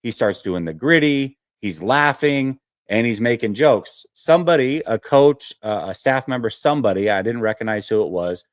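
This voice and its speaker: A man hosting a casual sports talk show, telling a story with lots of fillers and animated detail. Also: mid-range voice, normal speed, hardly any pauses, dry recording, clean studio sound. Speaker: host.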